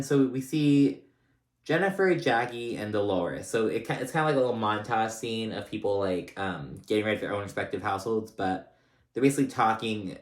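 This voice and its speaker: A man casually recapping a reality TV episode, chatty and rambling, full of fillers and restarts. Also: fairly low pitch. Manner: animated when retelling funny scenes. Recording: roomy echoey room.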